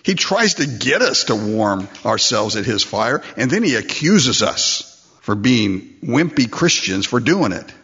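Husky man preaching a sermon. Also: mid-range voice, a little slow. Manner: animated, acts out voices in quotes. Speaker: pastor. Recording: dull lo-fi recording.

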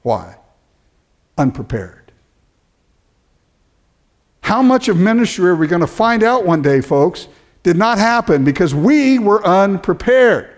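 Male pastor, sermon delivery, lively swinging pitch, stumbles and restarts, acts out quotes. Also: normal speed. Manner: animated preaching with stammered restarts and acted-out quotes.

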